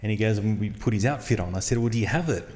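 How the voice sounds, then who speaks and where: A man hosting a podcast, telling a story in a casual, animated way and acting out the dialogue. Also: lowish voice, racing. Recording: long reverb.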